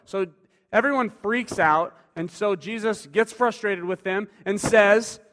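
A male preacher giving a sermon in a conversational way, moving between loud emphasis and quiet asides. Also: high voice, a little slow. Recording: long hall reverb.

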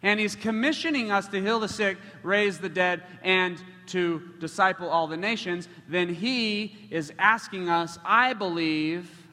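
Brief: male preacher, bright and forceful, fairly high, big hall reverb. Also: measured pace, few pauses. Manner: passionate, with frequent surges in volume. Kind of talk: sermon. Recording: echoey hall.

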